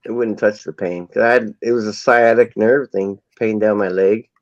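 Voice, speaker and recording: A man's voice: lowish voice, fairly even intonation, moderate pace, no echo. A man telling a long rambling anecdote in casual chat. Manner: rambling anecdotal storytelling with acted quotes. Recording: dull lo-fi sound.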